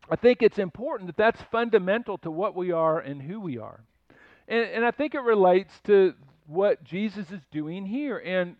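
Older male pastor, high voice, chatty sermon with asides; dry, slightly dull recording. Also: no room sound. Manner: conversational storytelling with asides and rhetorical questions.

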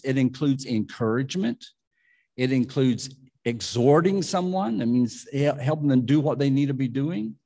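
Man, pastor, husky, conversational sermon, restarts and asides. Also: mid-range voice, a little mellow.

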